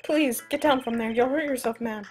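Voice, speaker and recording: A woman's voice: on the high side, fairly quick, a little mellow, faint music behind, close to an everyday voice. A woman doing an earnest young lawyer guy. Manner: polite, earnest. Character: young male defense attorney, earnest.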